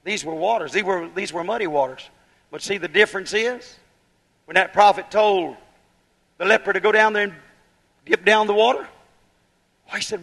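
A man's voice: high voice, normal speed, gravelly, long pauses, a bit bright, big-room sound. A man preaching a fiery holiness sermon, building to emphatic bursts and firing rhetorical questions at the congregation.

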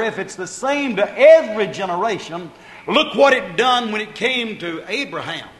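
A man's voice: high voice, fairly bright tone. A man preaching a sermon, repeating phrases with rising emphasis and calling out to the congregation. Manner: calls out to the congregation. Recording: reverberant hall.

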